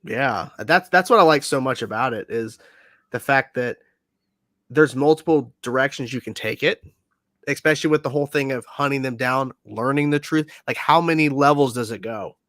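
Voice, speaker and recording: A man co-hosting a casual pop-culture chat show, excitable, laughing and swearing, often repeating himself. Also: medium pitch, moderate pace, no room sound. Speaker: co-host.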